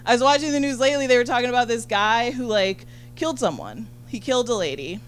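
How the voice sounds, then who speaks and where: A woman doing a stand-up comedy set on a handheld mic, talking rapidly and profanely with lots of "like". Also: fairly high pitch, expressive, a little hiss or hum. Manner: rapid, chatty, full of "like" and profanity. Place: comedy venue.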